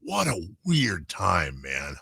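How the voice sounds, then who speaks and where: Brief: male sports radio host, animated and riffing, crisp bright tone. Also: sits low, slow pace, no echo, clean studio sound. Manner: animated, riffing, laughs often. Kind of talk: casual sports talk radio.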